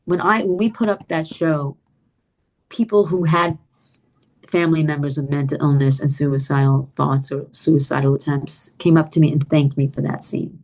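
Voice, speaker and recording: A middle-aged woman telling a personal story as a guest in an interview, lively and animated, acting out quoted dialogue and using many "like" and "you know" fillers. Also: moderate pace. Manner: animated, acts out quoted dialogue with big pitch jumps.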